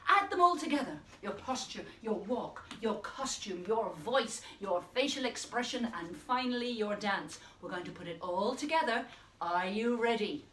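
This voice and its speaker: Woman drama teacher, bright and playful, highly animated delivery; distant mic in a reverberant room. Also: moderate pace. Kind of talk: children's drama lesson. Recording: roomy, distant mic, faint noise.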